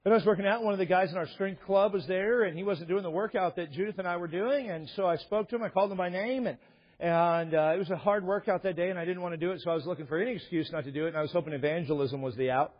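A man's voice: high-pitched, fast talker. A male pastor preaching a sermon, asking his congregation earnest, direct questions. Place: church sanctuary. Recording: dull echoing church hall.

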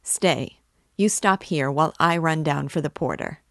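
A woman's voice: low-pitched, measured pace, a bit bright, no echo, clean studio sound. A woman reading aloud, voicing an eager young male law student who talks urgently and insistently.

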